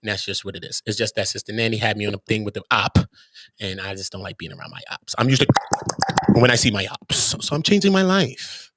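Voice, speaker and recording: A man's voice: on the low side, lively intonation, fast talker, a bit bright, no echo. A man hosting his own channel, ranting to viewers in a blunt, openly profane and emphatic way. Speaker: channel host.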